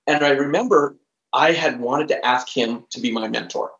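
A man's voice: medium pitch, moderate pace. A man in his fifties, a professional trainer on a podcast, telling an emphatic story and acting out the dialogue. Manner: animated, emphatic storyteller who acts out dialogue. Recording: roomy, slightly dull recording.

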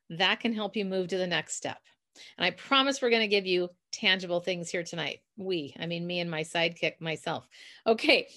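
A woman's voice: medium pitch, fairly bright tone. Woman, Minnesotan accent, podcast host, motivational talk, chatty, self-deprecating.

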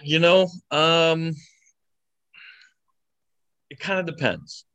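A man's voice: fairly high pitch, lively intonation, extremely slow, fairly bright tone, clean tone, no echo. A man in his twenties, a wrestler answering interview questions casually, hesitant and full of fillers, chuckling often. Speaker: wrestler guest.

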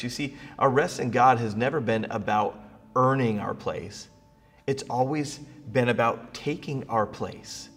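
A middle-aged man preaching a sermon in a large sanctuary, his voice carrying a long hall reverb. He moves from relaxed, quiet storytelling into rising, emphatic stretches. His pitch sits in the middle range for a man. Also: measured pace, husky. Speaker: pastor.

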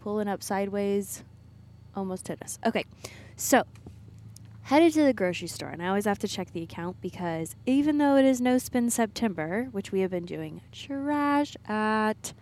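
A woman's voice: mid-range voice, expressive, moderate pace, darkish tone. A woman co-host talks casually into a mic from a parked car. She rambles through her story and laughs at herself. A faint background hum sits under her voice. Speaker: podcast co-host. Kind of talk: casual solo chat.

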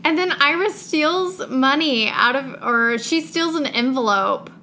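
Woman co-host, bright edge, dry humor, higher voice. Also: expressive, measured pace, slight background noise. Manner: dry, reads quotes aloud with mock drama. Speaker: podcast co-host. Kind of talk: casual chat.

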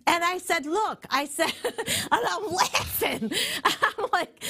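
Animated woman telling a rowdy story. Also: very high voice, slow pace. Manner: animated, swears freely, acts out voices. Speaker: guest. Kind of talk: casual storytelling.

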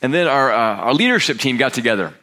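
A man's voice: medium pitch, lively intonation, fast talker, sharp tone. A man in his sixties, a pastor giving a candid, conversational sermon with frequent restarts. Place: church sanctuary.

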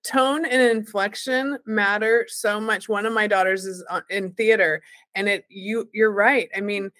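A woman's voice: mid-range voice, fairly even intonation, a little slow, fairly bright tone, dry recording. Thoughtful woman interview host. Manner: thoughtful, asks reflective questions. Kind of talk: casual interview talk.

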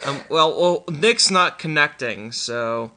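A man with a Midwestern American accent hosting a casual live-streamed show, animated, with frequent restarts and laughter. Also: on the high side, slow. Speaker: podcast host.

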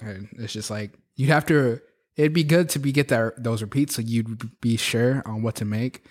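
Young man, casual chat, relaxed former barista who laughs and does quick impressions of people, mid-range voice. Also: mid-range voice. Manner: relaxed, laughs, mimics coworkers. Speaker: former coffee shop barista.

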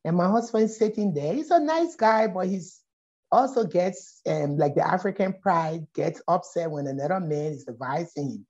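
A middle-aged woman with a Liberian accent tells a story in conversation, her low, mellow voice rising and falling with lively swings in pitch. The audio is dull and lo-fi. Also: moderate pace. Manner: animated, acts out voices in her stories. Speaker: poet and scholar, guest.

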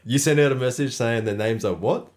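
A man's voice: medium pitch, fairly quick. A man co-hosting a podcast, chatting casually and reacting with amusement to his friend's story. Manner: relaxed and amused, chimes in with reactions. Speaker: podcast co-host. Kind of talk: casual chat.

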